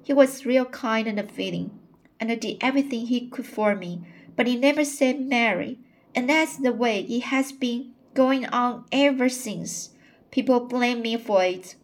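A woman's voice: fairly high pitch, a little slow, voice pushed up. A woman reading the part of a tearful forty-year-old spinster woman, plainspoken and aggrieved as she pours out her complaints.

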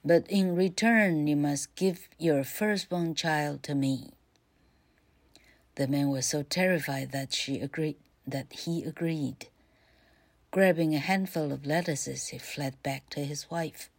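A woman teacher reading a fairy tale aloud for learners, carefully and with pauses. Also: low voice, darkish tone, breathy edge. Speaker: grammar teacher. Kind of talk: bilingual story reading for learners.

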